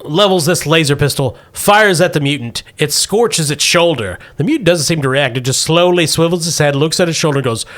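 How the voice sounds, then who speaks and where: A man's voice: a little high, animated, fairly quick, few pauses, a bit bright. A man running a tabletop role-playing game as game master, narrating playfully and laughing often.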